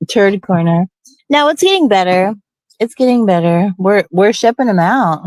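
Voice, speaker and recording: A woman's voice: mid-range voice, expressive, normal speed, darkish tone, no echo. A middle-aged woman from Portland hosting a casual chat, blunt and profane, laughing often. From Portland, USA. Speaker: host.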